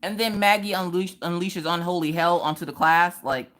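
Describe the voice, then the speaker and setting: A woman in her thirties hosting a live crafting stream, telling stories in a lively, chatty, colloquial way. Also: lowish voice, normal speed. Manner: animated, chatty storyteller, colloquial. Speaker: craft livestream host. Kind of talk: casual chat and storytelling. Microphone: streaming from home.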